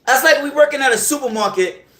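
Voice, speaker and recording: A man hosting a podcast, telling a story in a heated, animated rant full of profanity and repeated check-ins with the listener. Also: very high voice, quick pace. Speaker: podcast host. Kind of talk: casual storytelling monologue. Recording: roomy echo.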